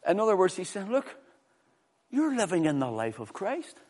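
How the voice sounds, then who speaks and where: A man preaching a sermon with fervor, swinging from loud, high exclamations to low, quiet scripture reading. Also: wildly swooping pitch, moderate pace. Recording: long hall reverb.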